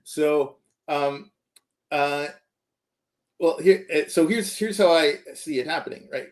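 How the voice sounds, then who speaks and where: A man's voice: a little high, slow. A man, a computer science professor, giving earnest interview answers and checking in with the listener as he explains.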